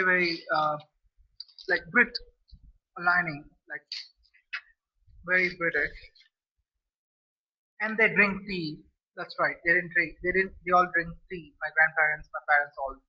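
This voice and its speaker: A man's voice: high-pitched, fairly even intonation, a little slow, long pauses, breathy edge. A man from India, chatting casually to camera as a food vlogger, rambling and restarting his phrases. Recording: dull lo-fi recording.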